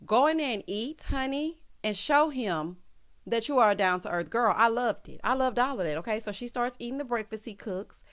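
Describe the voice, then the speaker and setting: A woman in her thirties recapping a reality show in a sassy, animated way, tossing in "honey" and "child" as she goes. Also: on the high side, moderate pace, clean tone.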